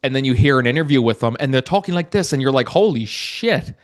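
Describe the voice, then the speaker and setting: A man's voice: medium pitch, racing. A man hosting a podcast, talking casually with many restarts and asides. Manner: rambling, many restarts and fillers, laughs easily. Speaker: podcast host.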